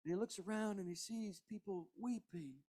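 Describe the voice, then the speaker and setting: A man, preaching a sermon as pastor, impassioned, with hushed passages and rising emphasis. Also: sits high, moderate pace. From Kentucky.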